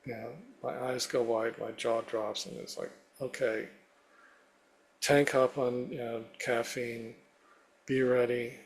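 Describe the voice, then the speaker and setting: Male interview guest, mid-pitched, recounts his story in vivid steps, lots of "you know". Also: little pitch movement, slow, gravelly, husky. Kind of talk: personal storytelling in a conversation.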